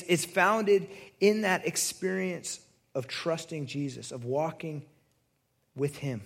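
A male pastor giving a conversational sermon who restarts his sentences often. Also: a little high.

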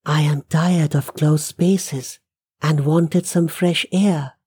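A narrator voicing a calm young ghost woman. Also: medium pitch, takes it slowly, husky, no echo, clean studio sound. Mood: calm, sorrowful. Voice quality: musical voice.

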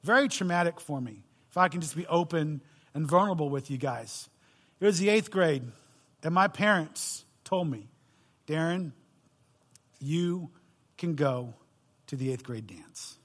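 A man's voice: a little high, expressive, measured pace, pauses often, fairly bright tone. A middle-aged man, a pastor, delivering a sermon with self-deprecating stories and humor.

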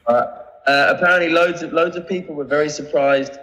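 A man's voice: fairly high pitch, a little fast, fairly bright tone, long reverb tail, poor audio. A man as a podcast guest, chatting casually with rambling, laughing asides. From England. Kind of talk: casual chat.

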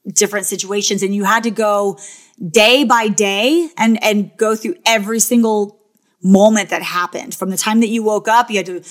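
A chatty woman talking through her reality show days at an easy, medium pitch. She rambles casually, leans on "like" and "you know", and slips into quick little acted-out quotes. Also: fairly even intonation. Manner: acts out quotes in quick bursts. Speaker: former reality show contestant. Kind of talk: casual storytelling.

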